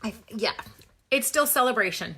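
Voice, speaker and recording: A woman's voice: fairly high pitch, animated, normal speed, bright, forceful tone, slightly rough. A woman from Canada hosting a live papercraft demo, chatty and playful, greeting viewers by name and adding little sound effects. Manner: playful sound effects, self-mocking humor. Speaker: papercraft demonstrator hosting a livestream. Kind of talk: casual live crafting demo.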